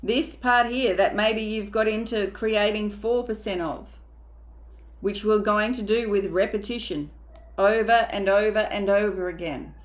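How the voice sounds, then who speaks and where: A woman's voice: mid-range voice, measured pace. A woman mindset coach giving a motivational coaching talk, emphatic and casual, sometimes acting out inner voices.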